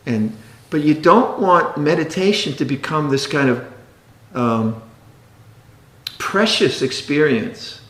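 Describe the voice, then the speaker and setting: A man's voice: on the high side, lively intonation, takes it slowly, long pauses, a bit bright, roomy sound. A man teaching meditation in a dharma talk, playful and often laughing, sometimes mimicking fussy meditators.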